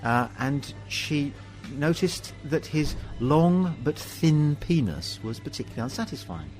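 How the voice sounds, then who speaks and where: An English man hosts a relaxed pub chat, reeling off anecdotes and playing every part in them. His voice sits a little high and swings widely as he talks. Faint music plays underneath. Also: measured pace, poor audio. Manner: animated anecdotes, acts out dialogue. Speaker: host.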